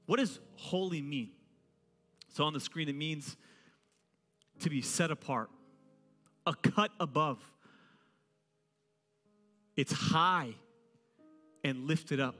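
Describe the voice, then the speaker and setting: Male pastor, sermon delivery, playful and animated, slightly high voice, echoing hall with soft music beneath. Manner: joking, animated preaching. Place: church auditorium. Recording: reverberant hall with faint music.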